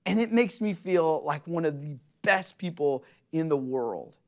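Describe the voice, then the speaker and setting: A young adult man preaching a sermon, earnest and animated, acting out quotes in an excited voice as he tells stories. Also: on the high side, measured pace. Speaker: pastor.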